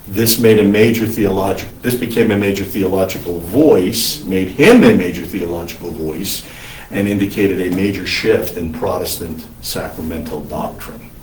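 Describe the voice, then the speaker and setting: A male priest giving an unscripted lecture, halting often to restart his sentences. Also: sits low, a little mellow, slight background noise. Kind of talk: recorded lecture. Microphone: single mic, speaker sometimes covers it. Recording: roomy echo, mic at a distance.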